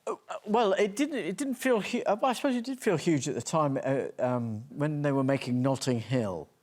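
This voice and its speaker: A man's voice: a little high, expressive, normal speed, a little mellow. A man on a talk show telling a rambling, self-deprecating story with many restarts. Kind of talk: anecdote telling.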